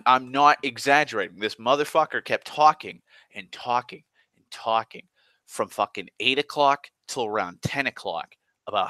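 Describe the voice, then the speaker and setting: An exasperated man rants his way through a work story, swearing constantly and restarting his sentences as he goes. His voice is bright and sharp. The recording is dry and close. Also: on the low side, dry recording. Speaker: online storyteller. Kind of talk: profane rambling rant.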